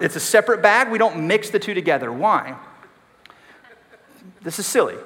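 A male pastor delivers a sermon in a relaxed, conversational way, poking fun at himself and tossing questions out to the congregation. His voice sits a little high for a man. The sound carries a long reverb, as if from a large sanctuary. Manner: conversational, self-deprecating, asks the congregation questions. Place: church sanctuary.

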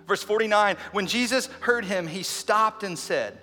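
A man preaching an Easter sermon as a pastor, energetic and conversational, with quick asides and acted-out quotes. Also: high voice. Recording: long reverb in a large hall with faint music.

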